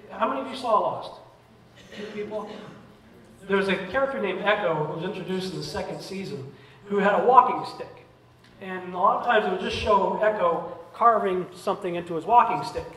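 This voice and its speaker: A man's voice: high voice, fairly bright tone, recorded from a distance. A man giving a casual, humorous conference lecture, chatty and acting out little scenes with asides. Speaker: conference speaker. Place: conference hall. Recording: echoey hall recorded from afar, faint noise.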